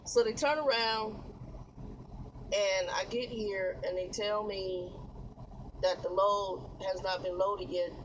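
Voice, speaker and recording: A man's voice: sits high, fairly even intonation, slow pace, pauses often, fairly bright tone, dull audio, slight background noise. A man who drives trucks tells a long, exasperated, rambling story to his camera from his truck cab, laughing now and then. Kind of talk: casual vlog storytelling. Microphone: camera facing the speaker.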